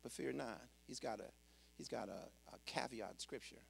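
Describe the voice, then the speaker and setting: A male pastor preaching a sermon, his delivery swinging from hushed to shouted, with cries of "woo" between points. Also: mid-range voice, moderate pace, vocal fry, slight background noise.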